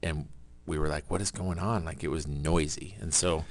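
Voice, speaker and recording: Brief: deep-voiced male co-host, animated, acts out the dialogue as he talks. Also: normal speed, slight background noise. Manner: animated storyteller who acts out quotes and laughs. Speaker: podcast co-host. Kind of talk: casual faith podcast storytelling.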